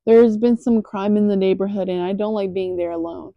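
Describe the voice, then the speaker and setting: A woman's voice: mid-range voice, steady tone, brisk, gravelly, dry recording, lo-fi sound, natural voice. A woman reading as a fretful doting mother. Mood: worried.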